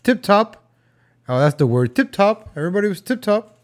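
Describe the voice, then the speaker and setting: A cheery, overly polite old-time gentleman, put on by a man, lifting his voice high and stretching his words. The manner is mock-posh and exaggerated. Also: very animated, normal speed.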